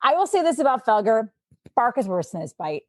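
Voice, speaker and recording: A woman with a Midwestern accent, a sports anchor, chatting as a podcast guest and telling stories in a lively way. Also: a little high, brisk, no echo. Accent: Midwestern American. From Milwaukee, Wisconsin. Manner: chatty, animated storyteller. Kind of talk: casual interview chat.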